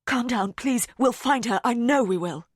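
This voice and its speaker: A woman's voice: a little high, moderate pace, slightly rough, no room sound, studio quality, pitched above the performer's own voice. A woman voicing a tearful, guilty mother. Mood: distressed. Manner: distressed, tearful.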